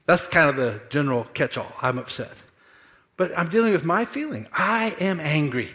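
A man delivers a sermon from a church pulpit in a slightly high voice. He preaches with animated energy, breaks into playful asides, and acts out quoted lines for the congregation. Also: moderate pace. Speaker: pastor. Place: church sanctuary.

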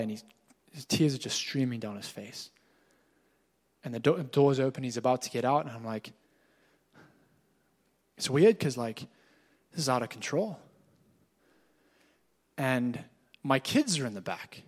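A man's voice: mid-range voice, expressive, a little slow, long pauses, darkish tone. A man preaching a sermon as a pastor, telling stories in a candid, conversational way. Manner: conversational storytelling, candid and informal. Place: church hall. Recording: echoey hall.

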